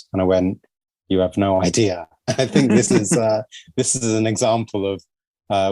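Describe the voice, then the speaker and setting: A man's voice: mid-range voice, darkish tone, dry recording. Rambling male podcast host, dry close sound. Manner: rambling, with fillers and laughs. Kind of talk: casual podcast chat.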